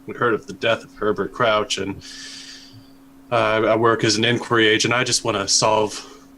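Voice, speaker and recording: A man's voice: fairly low pitch, flat delivery, normal speed, bright, forceful tone, a little hiss or hum. A man voicing a polite, earnest male inquiry agent in a tabletop game, talking hesitantly with many fillers. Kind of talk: tabletop game role-play.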